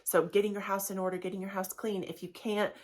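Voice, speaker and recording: A woman's voice: mid-range voice, little pitch movement, a little mellow, a little hiss or hum. Chatty candid woman podcaster. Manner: chatty and candid, acts out quick voices. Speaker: podcast host. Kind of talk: casual solo podcast talk.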